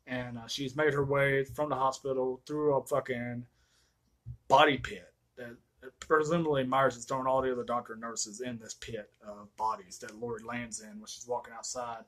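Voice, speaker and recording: A man rants through a movie review, swearing freely and getting worked up as he retells scenes. His voice sits at an ordinary middle pitch. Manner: profane, excitable retelling of scenes. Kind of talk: casual movie review rant.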